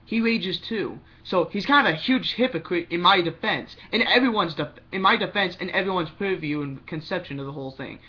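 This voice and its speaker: A young man rambles through a casual gaming opinion vlog in a bright, slightly high voice. He rushes in bursts, trips over his words and starts again. The recording sounds dull and lo-fi. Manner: rambling, restarts often, talks fast in bursts. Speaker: gaming vlogger.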